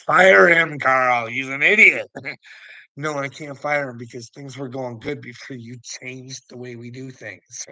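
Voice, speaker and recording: Laughing, taunting man with a gravelly voice. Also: medium pitch, a bit bright, no echo, rough recording. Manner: laughs a lot, taunting, swears. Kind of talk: rambling monologue to viewers.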